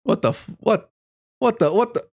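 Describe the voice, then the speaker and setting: Giggly, lively voice reacting in disbelief. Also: medium pitch, moderate pace. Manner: giggly, bursts into laughter often; incredulous, exclaiming. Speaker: streamer reading AI-written stories. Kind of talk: casual reading aloud with reactions.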